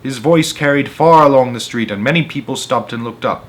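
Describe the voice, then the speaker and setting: A man reading a children's book aloud, expressive, with small slips and restarts. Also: medium pitch, a little fast. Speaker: storyteller.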